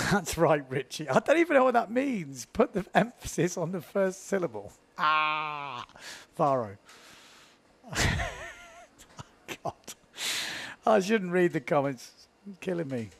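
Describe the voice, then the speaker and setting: A man's voice: sits high, very animated, measured pace, gravelly, fairly bright tone. A man commentating live windsurfing, chatty and self-mocking, laughing often as he talks.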